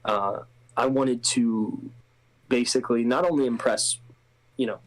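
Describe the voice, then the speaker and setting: A man's voice: medium pitch, steady tone, measured pace, poor audio. A male actor being interviewed, with a mid-range voice. He stumbles through restarts and fillers, then laughs at himself with self-mocking jokes. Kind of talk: casual interview.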